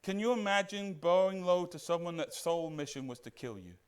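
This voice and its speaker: A man preaching a sermon as pastor, animated and putting questions to the congregation. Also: high voice, brisk, clean tone.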